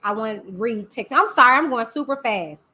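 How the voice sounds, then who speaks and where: A woman's voice: on the high side, expressive, brisk, bright, forceful tone. A woman hosting a casual live-stream commentary, sassy and chatty, talking back to her chat. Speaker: YouTube host.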